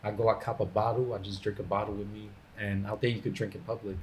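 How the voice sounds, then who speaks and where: Low-voiced man telling stories with slang. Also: quick pace, a little hiss or hum. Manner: animated storyteller, acts out quotes with laughter and slang. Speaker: podcast guest. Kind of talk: casual storytelling chat.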